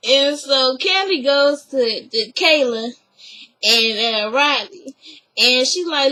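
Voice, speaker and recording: Woman, high bright voice, unhurried chatty recap storyteller. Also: low-quality recording. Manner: chatty storytelling, drawn-out asides. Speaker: reality show recapper. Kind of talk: casual episode recap.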